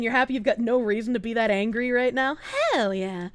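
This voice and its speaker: A woman streamer ranting fast and heatedly during a live stream, swearing often and breaking into laughter. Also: fairly high pitch, dry recording.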